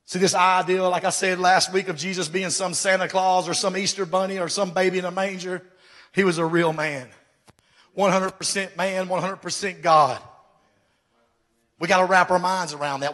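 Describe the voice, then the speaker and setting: High-voiced preacher in a reverberant church. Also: male voice, moderate pace. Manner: preaching with dramatic swings from loud calls to hushed asides. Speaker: pastor. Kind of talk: sermon.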